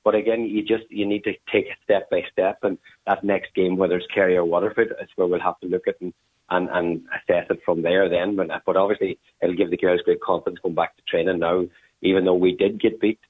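A man's voice: deep voice, flat delivery, brisk, husky. A man, a team manager giving a phone interview, rambling with many fillers. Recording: tinny phone line.

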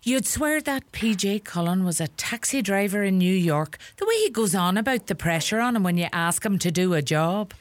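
An actress playing a middle-aged Irish farm mother, sharp-tongued and fussing, with an Irish accent. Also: medium pitch, animated, normal speed, hardly any pauses, no room sound, close to an everyday voice. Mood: teasing. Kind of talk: comedy sketch acting.

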